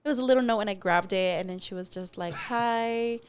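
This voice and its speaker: A young woman, co-hosting a casual podcast. Her voice sits fairly low and sounds smooth and resonant. She tells stories candidly, swears easily and drops in the odd Spanish word. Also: very fast. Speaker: podcast co-host. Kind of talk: casual chat.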